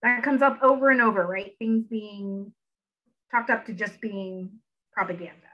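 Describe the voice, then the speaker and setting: A woman's voice: mid-range voice, unhurried, bright, forceful tone. A woman interviewer asking prompting questions and offering short affirmations. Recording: dull lo-fi recording.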